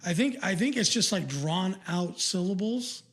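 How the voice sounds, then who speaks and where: An older man with a notably high voice co-hosts a podcast in casual chat. He rambles, circling back with fillers and restarts as he goes. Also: lively intonation, moderate pace, husky. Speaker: podcast co-host.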